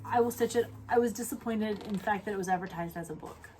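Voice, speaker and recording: A woman co-hosting a relaxed crafting chat, talking in a rambling way and often restarting. Her voice sits at a middle pitch, with a faint hiss under it. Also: fast. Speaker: co-host. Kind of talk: casual chat.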